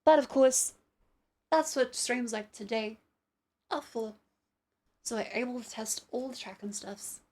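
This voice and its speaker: A woman's voice: fairly high pitch, measured pace, long pauses, darkish tone. A young adult woman streamer chatting casually and rambling, with many fillers and some swearing, while testing tracking gear. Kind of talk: casual live-stream chat.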